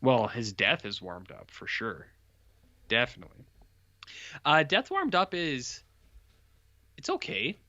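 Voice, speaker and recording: Podcast cohost guy, bright tone, a bit dull sounding lo-fi mic, rambles on. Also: medium pitch, slow pace, long pauses, dry recording. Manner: rambling, animated retelling with put-on quotes. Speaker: podcast co-host reviewing horror films. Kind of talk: casual chat.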